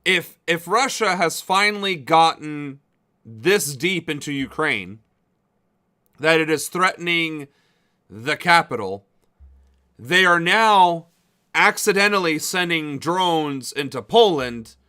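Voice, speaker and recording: A man's voice: a little high, animated, slow, sharp tone. A young man streaming casual political commentary, blunt and exasperated, swearing often.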